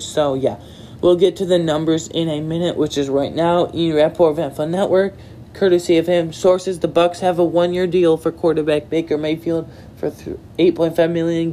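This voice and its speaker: A man's voice: fairly high pitch, darkish tone, slight background noise. A man giving a casual, opinionated solo recap of sports news, reading posts aloud and reacting with rambling asides. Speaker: sports commentator.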